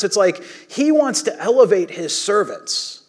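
A man preaching a sermon in a casual, conversational way, with animated asides to the congregation. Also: high voice, a little fast, hardly any pauses. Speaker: pastor.

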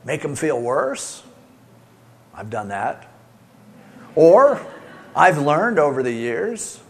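A middle-aged man preaching a sermon, swinging between loud emphasis and soft, soothing asides. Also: on the high side, very animated, slow pace, pauses often. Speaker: pastor.

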